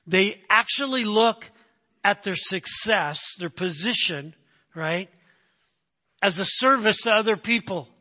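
Male pastor, bright, tenor-ish preaching voice, emphatic and conversational. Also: high voice, expressive, takes it slowly. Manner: emphatic, repeats "right?" to the congregation. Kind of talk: sermon.

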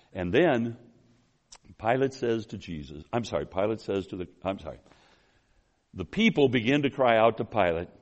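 A man preaching an expository sermon, telling the story with animation, swinging between loud emphasis and quiet asides, calling the congregation folks and restarting his phrases. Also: lowish voice. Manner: addresses the congregation as folks, with restarts and apologies for running long.

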